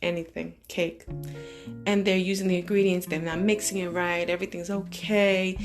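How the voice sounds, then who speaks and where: A woman vlogger talks straight to her followers in an emphatic, expressive way, slowing down and then speeding up to drive each point home. Plucked guitar music plays clearly behind her voice. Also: on the low side. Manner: emphatic, expressive, shifting pace. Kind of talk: motivational monologue to followers.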